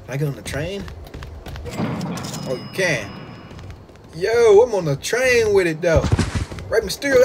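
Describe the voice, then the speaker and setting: A man giving casual, excitable game commentary, full of slang and trash talk aimed at the characters on screen. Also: high voice. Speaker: gaming YouTuber.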